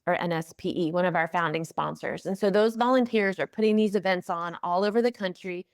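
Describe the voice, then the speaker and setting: A woman's voice: on the low side, no room sound. Enthusiastic woman explaining, dry sound. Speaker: executive director of a math organization, guest. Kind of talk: interview answers.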